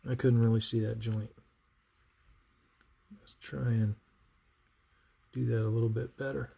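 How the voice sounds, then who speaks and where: A man's voice: mid-range voice, flat delivery, measured pace, creaky, dark tone, husky. A man hosting a live stream, chatting while he narrates soldering work and answers viewers. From North Carolina, US. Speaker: livestream host, saber builder. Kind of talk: live soldering tutorial chat.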